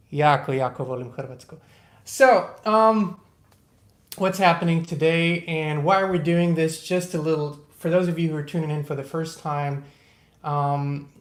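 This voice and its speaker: A livestream host in casual talk who greets viewers by name and eases into slow, calm breathing guidance. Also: medium pitch, reverberant. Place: indoors at a laptop.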